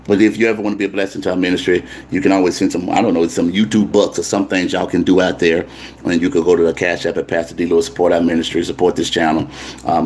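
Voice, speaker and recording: A man's voice: low-pitched, a little mellow, a little hiss or hum. A male pastor, signing off a casual livestream and teasing viewers in the chat. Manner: playful, teasing, talks to chat comments.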